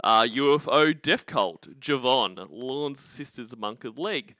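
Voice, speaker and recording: Bright Australian man in sweary banter. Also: medium pitch, lively intonation, slow pace, no room sound, dull audio. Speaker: stream host. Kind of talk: casual commentary chat.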